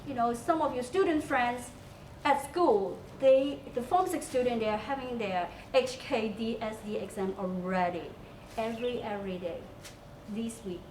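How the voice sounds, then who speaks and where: A woman's voice: fairly high pitch, far from the mic. A woman English teacher with a Hong Kong English accent, giving a class lesson on school TV. She explains step by step and spells words out letter by letter, with many fillers. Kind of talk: recorded class lesson on campus TV. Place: school room. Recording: echoey room, off-mic, faint hiss.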